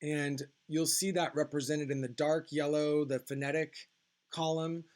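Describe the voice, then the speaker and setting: Slow, careful male French teacher. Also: on the high side, flat delivery, darkish tone. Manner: slow, careful, enunciating example words. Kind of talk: pronunciation lesson.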